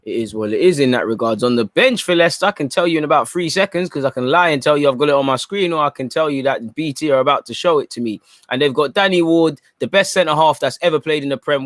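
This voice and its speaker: A man's voice: fairly high pitch, a bit bright, no echo, clean studio sound. Chatty young man streaming. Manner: chatty, reacts to viewer comments. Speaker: watchalong streamer. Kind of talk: live football watchalong commentary.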